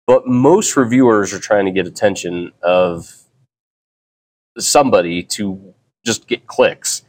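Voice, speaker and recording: A middle-aged man chats on his own podcast in a loose, rambling way, often circling back to restart a thought. His voice sits on the lower side. The delivery stays relaxed and conversational. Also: takes it slowly. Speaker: podcast host. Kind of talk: casual solo podcast chat.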